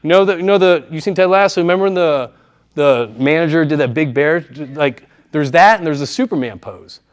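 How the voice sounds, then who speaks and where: A man's voice: fairly high pitch, animated, brisk, smooth. A man giving a live presentation to students in a room, speaking conversationally and often checking in with his audience. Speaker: workshop speaker.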